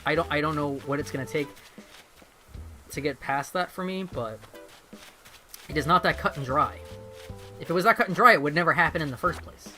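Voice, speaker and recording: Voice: medium pitch, brisk, long pauses, sharp tone, soft background music. A vtuber streamer in casual livestream chat, rambling and swearing freely and laughing often while playing a game at home.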